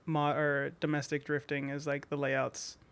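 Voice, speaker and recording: A man's voice: a little high, completely flat delivery, a little slow, fairly bright tone, clear, resonant tone. A man from Southern California, a podcast guest in a studio, chatting casually in a rambling, playful way with lots of fillers. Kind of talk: casual chat. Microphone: studio mic.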